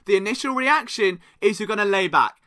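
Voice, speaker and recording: A man's voice: high-pitched, brisk. A young man hosting a sports podcast, talking solo in a joking, self-deprecating way. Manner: animated, joking, self-deprecating, does mocking voices.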